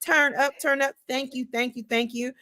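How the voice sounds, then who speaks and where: Bright and forceful, her high voice keeps a fairly even intonation at a moderate pace. She's a podcast host running a casual livestream talk show, chatting in a folksy, playful way, addressing the audience directly as "y'all" and frequently saying things twice.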